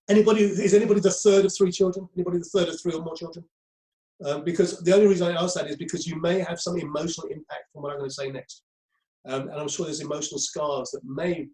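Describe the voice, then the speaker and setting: A man's voice: on the high side, dark tone. Man lecturing in an echoey room. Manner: conversational, repeats himself, many ums. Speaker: crisis management trainer. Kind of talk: lecture to a group.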